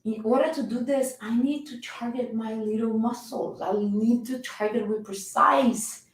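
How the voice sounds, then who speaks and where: A woman's voice: a little high, steady tone, measured pace. A woman fitness coach leading a live workout class, talking energetically and coaxing her viewers while she demonstrates a plank. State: shaking from holding a plank. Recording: very echoey room, voice distant from mic.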